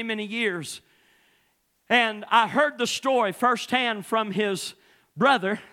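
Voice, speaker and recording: A man's voice: high-pitched, sharp tone. A male pastor preaching a fervent sermon, opening nearly every phrase with "uh".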